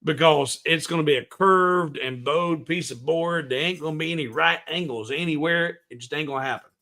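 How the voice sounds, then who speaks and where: This is a man hosting a casual live tutorial from a home workshop, his voice pitched a touch above most men's. He rambles in a folksy, unhurried way. He hums little tunes to himself while working and reads viewer comments aloud before answering them. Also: pushed and bright. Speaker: woodworking livestream host.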